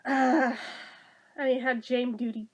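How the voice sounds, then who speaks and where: Slow-talking high-voiced woman ranting. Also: little pitch movement, highs cut off. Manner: sarcastic, blunt, swears freely. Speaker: movie reviewer. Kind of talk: casual ranting review.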